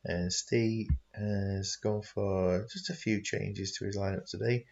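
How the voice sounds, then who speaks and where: A man's voice: fairly low pitch, fairly even intonation, takes it slowly, vocal fry, a little mellow, muffled recording. A man hosting casual commentary on a football game stream, chatty and chuckling, sometimes stumbling over his words. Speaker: host and commentator.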